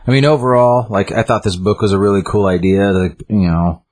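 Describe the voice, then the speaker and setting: Low husky man retelling a comic. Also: steady tone, a little fast, darkish tone. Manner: rambling, lots of fillers and restarts. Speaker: comic book reviewer. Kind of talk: casual chat retelling a story.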